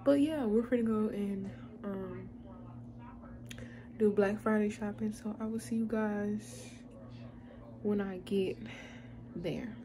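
A young woman vlogger chats casually and directly to her viewers, using lots of fillers. Her mid-range voice moves slowly with long pauses, and there's background noise.

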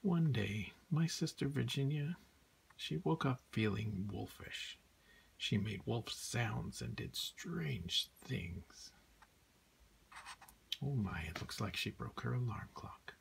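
A man hosting a storytime as Santa, reading a children's picture book aloud. His voice is gravelly and sits at a middle pitch, gentle and often sinking to a near whisper, with a faint hiss behind it. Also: animated, slow.

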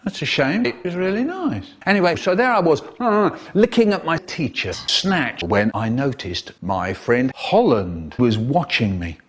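Animated man telling a comic story. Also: a little high, unhurried, few pauses, slightly rough. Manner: animated, exaggerated expressive delivery.

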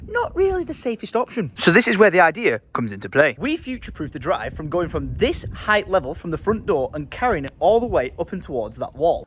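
A man's voice: high voice, husky. A man in his thirties chatting casually and jokily as he films a home vlog. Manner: chatty, animated, jokey. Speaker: vlogger.

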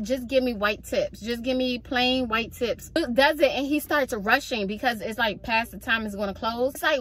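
Frustrated young woman venting to camera. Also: fairly high pitch. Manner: frustrated, venting, animated storytelling. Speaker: vlogger. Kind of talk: casual vlog rant.

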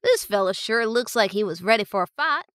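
A woman voicing a gruff male bandit with a rural accent in an audiobook. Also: medium pitch, lively intonation, brisk, fairly bright tone, dry recording, close to an everyday voice.

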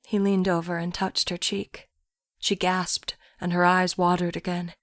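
A woman narrates a literary story in a soft, hushed voice that often sinks toward a whisper. She reads slowly and evenly, and the recording is close and dry, with no echo. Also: fairly low pitch, little pitch movement. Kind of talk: audiobook story reading.

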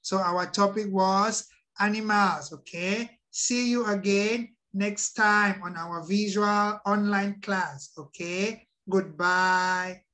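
Woman, Thai accent, native Thai speaker, teacher, online lesson for kids, extremely slow delivery, word-by-word drilling. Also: medium pitch, steady tone, fairly bright tone. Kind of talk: online class lesson for children.

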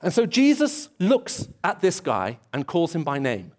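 A man's voice: fairly high pitch, wildly swooping pitch, unhurried, darkish tone. A man preaching a sermon in a church, telling stories and acting out bits of dialogue. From England. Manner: storytelling, acts out dialogue and voices.

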